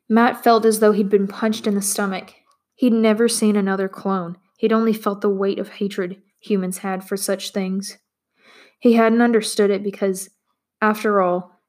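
A woman reading a novel aloud with steady, expressive storytelling. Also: medium pitch. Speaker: narrator. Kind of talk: audiobook narration.

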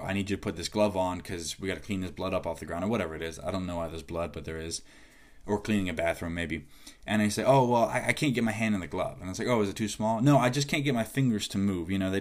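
A man with a lowish voice talks through a casual podcast monologue as a movement coach. He gets animated and exasperated, acting out little back-and-forth exchanges with clients.

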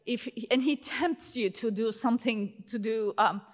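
A woman's voice: a little high, unhurried. Chatty woman speaking in a reverberant hall. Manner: conversational, lots of fillers and restarts. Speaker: conference speaker. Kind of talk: conference talk. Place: large conference hall.

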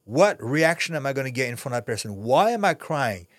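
A man's voice: mid-range voice, fairly quick, no room sound, clean studio sound. A middle-aged man from France with a French accent, talking candidly and bluntly as a podcast guest, swearing freely. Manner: blunt, profane, animated storytelling. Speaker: guest, actor and fighter. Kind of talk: candid podcast interview talk.

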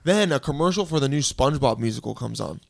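A young man telling a story on a podcast in a casual, animated way, acting out other people's voices. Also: mid-range voice, quick pace, creaky, dry recording, clean studio sound. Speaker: podcast guest.

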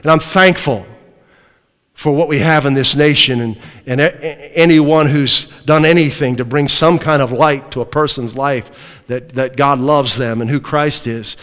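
A man's voice: medium pitch, steady tone, a little slow, fairly bright tone, in a large hall. A man preaching a sermon to a congregation, emphatic and throwing rhetorical questions at his listeners.

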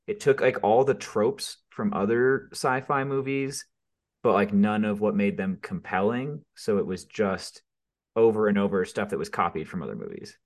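Wry podcast co-host, lowish male voice. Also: normal speed. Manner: wry, sarcastic banter. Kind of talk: casual chat.

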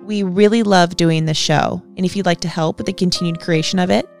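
A woman's voice: on the low side, fairly even intonation, brisk, vocal fry, soft background music. A woman co-hosting a podcast, speaking casually with wry, sarcastic asides. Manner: wry, sarcastic, laughs often. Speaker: podcast co-host. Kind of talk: casual chat.

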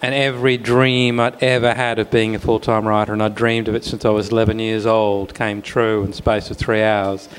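A man's voice: lowish voice, flat delivery, a little fast, few pauses, slight background noise. A man, an author on a panel, telling a wry, self-deprecating story with laughs. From Australia. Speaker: author guest.

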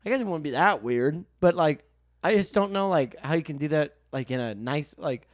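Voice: mid-range voice, lively intonation, normal speed, no echo, studio quality. A podcast host in casual chat, rambling through many fillers and swearing freely.

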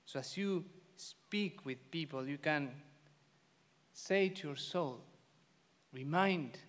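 A priest preaching a homily in English, earnest and emphatic, repeating phrases with gentle asides. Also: male voice, on the high side, slow, long pauses. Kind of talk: sermon. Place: church. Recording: long church reverb.

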